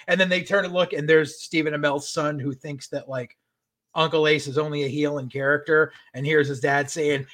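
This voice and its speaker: A man's voice: fairly high pitch, moderate pace. A man co-hosting a podcast, recapping a show in casual chat, swearing a lot and acting out what characters said. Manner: animated, swears constantly, acts out quotes. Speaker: podcast co-host.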